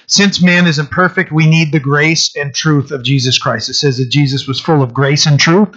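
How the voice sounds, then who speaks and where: A man's voice: fairly high pitch, fairly bright tone, highs cut off. A man preaching a sermon as a pastor, in a conversational way with frequent restarts and fillers.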